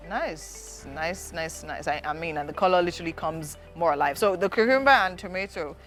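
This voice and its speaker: A woman's voice: fairly low pitch, normal speed, a bit bright, faint music behind. Bubbly Nigerian woman host in a kitchen. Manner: bubbly, enthusiastic praise. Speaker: TV morning show host. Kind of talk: live cooking segment chat.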